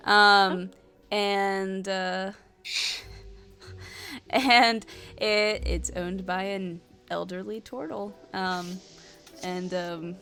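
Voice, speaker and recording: A woman's voice: mid-range voice, steady tone, extremely slow, fairly bright tone, faint music behind. A woman narrating a tabletop game as game master, hesitant and full of fillers, laughing easily.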